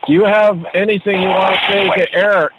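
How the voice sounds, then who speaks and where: A man running a ghost box session, calmly coaxing questions into the static. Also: high voice, a little fast. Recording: muffled with loud radio static.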